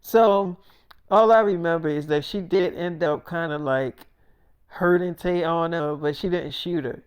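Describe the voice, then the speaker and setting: Casual gossipy storyteller, mid-pitched, profane and chatty. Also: a little slow, clear, resonant tone. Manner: profane, gossipy retelling with quoted dialogue.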